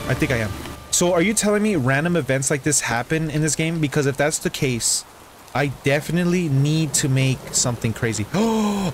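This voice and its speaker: A man streaming a game, talking casually and reacting with excited exclamations and sudden high yelps. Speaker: gaming streamer. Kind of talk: casual gameplay commentary. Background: background music.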